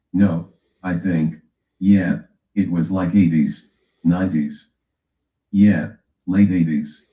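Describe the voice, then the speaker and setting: A man from the West Coast of the US hosting a casual livestream, teasing his chat and reading a timer aloud. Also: low voice. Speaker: livestream host. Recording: echoey room, dull lo-fi sound.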